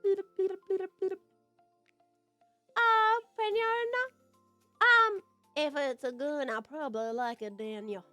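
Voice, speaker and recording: A young woman from the United States with a high, childlike voice, chatting with viewers on a live stream in a bubbly, giggly, teasing way. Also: steady tone, slow pace, pauses often, pushed and bright, no room sound, soft background music.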